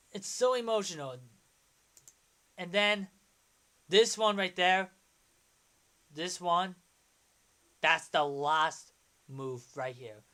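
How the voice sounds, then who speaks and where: Young male streamer, 20s, bright rambling excitable delivery, casual commentary. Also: sits high, extremely slow, pauses often.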